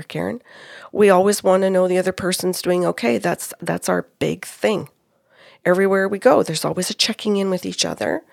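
A middle-aged woman recounts a session in an animated storytelling way, acting out the people she quotes. Her voice has a gravelly edge. It sits close and dry on the mic. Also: lowish voice, dry recording. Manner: animated, quotes spirits and clients, laughs often. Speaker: psychic medium, co-host. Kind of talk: storytelling about a reading.

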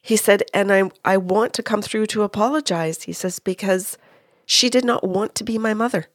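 A woman's voice: medium pitch, normal speed, no room sound, clean studio sound. A woman recounting a reading she gave as a medium, retelling what people said in quotes, with many restarts. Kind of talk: casual storytelling.

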